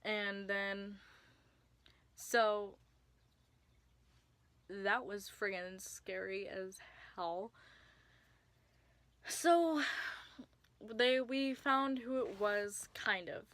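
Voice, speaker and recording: A woman's voice: mid-range voice, very slow, pauses often, fairly bright tone, dry recording. A young woman telling a personal story to camera in a casual vlog, chatty with lots of filler words and sudden whispers for emphasis. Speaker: vlogger.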